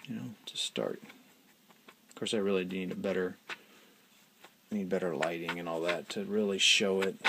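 A man's voice: lowish voice, gravelly, heavy background noise. A man hosting a casual hobby vlog, chatty and self-deprecating, often trailing off mid-sentence as he talks at his painting desk. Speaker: hobby channel host.

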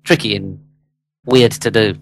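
A man, an actor guest, chatting in a relaxed interview with easy laughs and repeated words. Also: lowish voice, measured pace, creaky, poor audio. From England. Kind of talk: relaxed casual interview chat.

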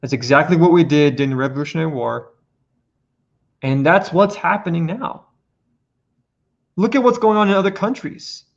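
A man's voice: a little high, normal speed, gravelly, long pauses. A man presenting his points earnestly on a casual podcast, building emphasis as he goes. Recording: lo-fi muffled audio.

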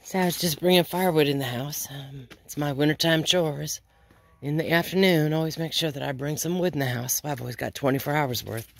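A woman's voice: sits low, brisk, gravelly. A woman vlogging casually outdoors on a small farm while doing chores, sounding a bit sick and rambling with many ums. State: sick, under the weather. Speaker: homestead vlogger.

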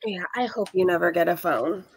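A woman hosts a reaction channel in a fairly low, creaky, slightly rough voice, talking a little fast. Her casual commentary is chatty and sarcastic with frequent laughter, and her voice is a bit strained from screaming.

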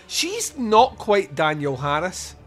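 A man with a fairly high voice hosts a podcast and chats about a film. He is animated and crude, laughing as he goes. Faint music plays underneath. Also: takes it slowly. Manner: animated, swearing, laughs often. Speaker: podcast host. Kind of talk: casual film review chat.

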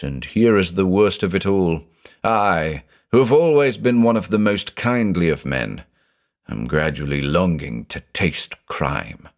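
With a deep voice, a man plays a tormented older male judge, brooding and anguished, who says he is haunted by thoughts of murder.

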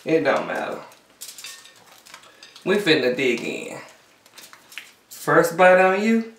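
A woman's voice: low-pitched, wildly swooping pitch, slow pace, slight background noise. A woman hosting a casual eating show, chatting and humming over her food between bites. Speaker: mukbang host. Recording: echoey room, a bit far from mic.

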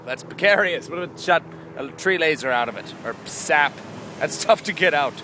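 A man's voice: on the high side, lively intonation, moderate pace, background noise. Tired, rambling young man vlogging outdoors. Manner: goofy, rambling, jumps between silly voices and mumbles. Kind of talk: rambling daily vlog.

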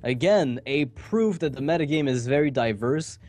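A man casting an esports match, chatting casually between games with quick asides and jokes. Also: mid-range voice, lively intonation, darkish tone. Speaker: esports caster. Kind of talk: casual pre-match commentary.

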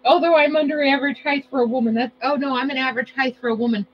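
A woman's voice: high voice, steady tone, racing, slightly rough, highs cut off. A woman chatting casually while cooking, rambling and playful, often correcting herself. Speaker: vlogger.

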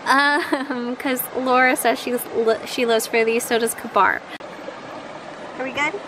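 High-voiced chatty woman vlogging outdoors. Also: fairly even intonation. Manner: chatty, playful, quick to get worked up. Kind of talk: casual outdoor vlog chat. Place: outdoors on a hike by a creek. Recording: noisy outdoor recording.

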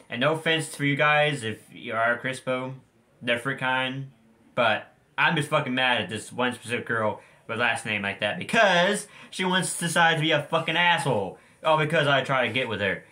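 Teen guy vlogger, angry profane rant, bright edgy voice, middle pitch. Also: animated, moderate pace. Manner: heated, profane, ranting to viewers.

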